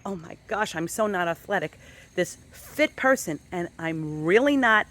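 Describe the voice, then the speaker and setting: A woman giving a casual motivational vlog talk as a wellness and fitness motivator, animated and enthusiastic with sudden jumps in pitch, speaking outdoors on a dog walk. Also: no echo.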